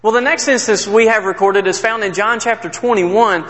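Male preacher, higher voice, emphatic sermon storytelling, long room reverb. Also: moderate pace. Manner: earnest, emphatic storytelling, drops low and soft at sad moments.

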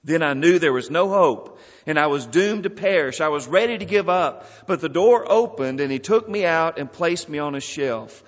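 A man's voice: a little high, lively intonation, moderate pace. A man voicing a small clay teacup that cries out and pleads as it is shaped and fired. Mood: pleading. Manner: pleading, crying out in distress. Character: small talking clay teacup, suffering then amazed. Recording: long hall reverb.

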